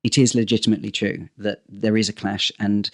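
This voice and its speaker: Low-voiced agent chatting animatedly. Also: male voice, brisk, creaky. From England. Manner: animated, repeats words when starting sentences. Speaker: talent agent, podcast guest. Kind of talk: casual interview chat.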